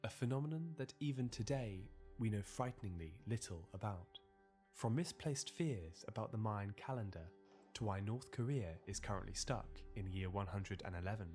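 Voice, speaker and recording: A man giving measured, storytelling documentary narration. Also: fairly low pitch, lively intonation, a little mellow, soft background music.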